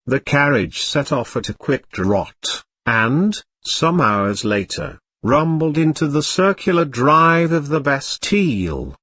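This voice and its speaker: Slow, lively-voiced male storyteller. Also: on the high side, dry recording. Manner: measured storytelling, voicing characters with light shifts. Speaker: narrator. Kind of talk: audiobook reading of a classic novel.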